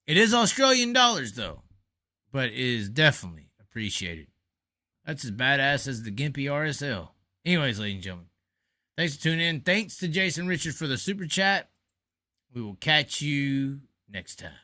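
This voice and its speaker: A man's voice: medium pitch, expressive, moderate pace, bright, forceful tone, no echo, clean studio sound. A man hosting a casual livestream, rambling and profane, worn out after hours on air. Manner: rambling, profane, jokey sign-off. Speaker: livestream host. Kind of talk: casual late-night livestream chat.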